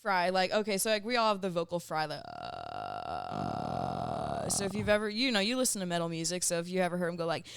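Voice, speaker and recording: Chatty young woman, smooth clear voice. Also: lowish voice, racing, hardly any pauses, dry recording, studio quality. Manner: chatty, many fillers, laughs easily. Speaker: podcast guest, metal band vocalist. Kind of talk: casual podcast chat.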